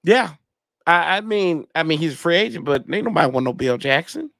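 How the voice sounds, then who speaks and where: This male podcast host sounds fairly high and a bit bright, with a gravelly texture, lively intonation and a slightly quick pace. He rambles in slangy fashion on a casual sports fan livestream, reading chat comments aloud and answering them. The close mic is dry, with no echo.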